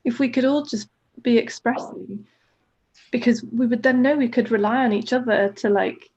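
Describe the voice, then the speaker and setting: Woman podcast coach, casual rambling talk, breathy voice, dull lo-fi recording. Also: on the high side, fairly even intonation, normal speed, darkish tone. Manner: enthusiastic, rambling with "like" fillers. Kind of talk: casual reflective conversation.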